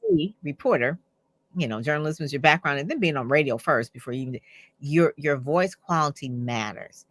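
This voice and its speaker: A woman's voice: sits low, expressive, fairly quick. A woman hosting an interview show, chatty and affirming, who often agrees and reacts with enthusiasm. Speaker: host. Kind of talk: interview conversation.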